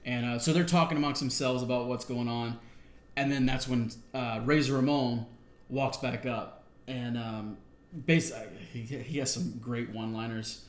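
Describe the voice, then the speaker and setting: Man, casual co-host, rambling recap full of fillers, mid-pitched voice, echoey room. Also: fairly even intonation, normal speed. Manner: rambling, filler-heavy recap with acted-out quotes. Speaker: podcast co-host. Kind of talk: casual wrestling review chat.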